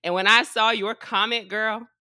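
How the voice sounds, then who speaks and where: A woman hosting a podcast in casual chat, animated and profane, laughing often. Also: a little high, moderate pace, clean tone, no room sound, studio quality. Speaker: podcast host. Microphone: video call.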